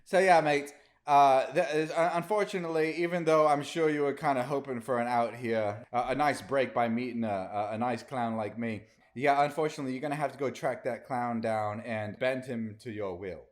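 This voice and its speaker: A man's voice: medium pitch, fairly quick, natural voice. A man voicing a friendly male demonic clown in a put-on British accent, rambling and calling everyone mate in improvised comedy. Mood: chatty. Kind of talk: improvised comedy role-play.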